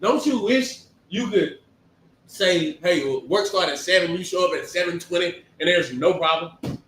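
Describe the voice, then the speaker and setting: High-pitched guy preaching casual, lots of rhetorical questions, mic kinda far off. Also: normal speed, slight background noise. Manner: animated, emphatic, rhetorical questions. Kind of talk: conversational sermon. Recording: echoey room, distant mic.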